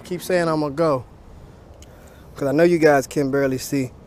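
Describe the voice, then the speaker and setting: Fishing outdoors as evening falls, this vlogger offers casual commentary to viewers between casts, cursing when a fish gets away. His voice is a little high and darkish, with fairly even intonation and a moderate pace, over slight background noise.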